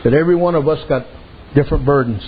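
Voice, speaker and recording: A man's voice: fairly high pitch, fast talker, narrow, tinny audio, slight background noise. A man preaching a sermon, telling folksy stories and dropping frequent amens.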